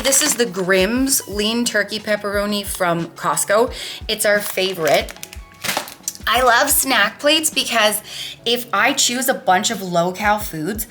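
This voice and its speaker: A woman's voice: medium pitch, bright, forceful tone, a little hiss or hum. A woman in her thirties hosting a casual food vlog, chatty and upbeat as she walks through her meals. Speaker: vlog host.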